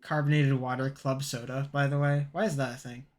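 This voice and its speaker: A man's voice: medium pitch, little pitch movement, a little fast. A man co-hosting a podcast in casual chat, telling stories in a rambling way with lots of fillers and laughter. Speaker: podcast co-host.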